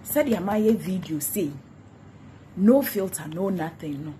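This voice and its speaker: A woman's voice: fairly low pitch, animated, slow, mellow, slight background noise. A Ghanaian woman ranting in a gossip vlog, repeating insults and taunts in a mocking tone. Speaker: social media commentator.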